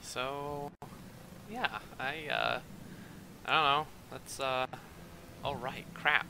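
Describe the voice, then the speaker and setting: Excitable young man with a bright voice. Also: mid-range voice, gravelly, a little hiss or hum, low-quality recording. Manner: rambling, excitable, quick to get worked up. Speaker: let's play gamer. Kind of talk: gameplay commentary.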